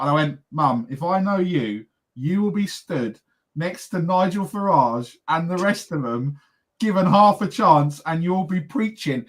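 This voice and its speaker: A man's voice: fairly high pitch, animated. A man co-hosting a podcast, telling family stories and ranting in a casual, chatty way. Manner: storytelling, ranting, quick and chatty. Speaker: podcast co-host. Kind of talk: casual chat.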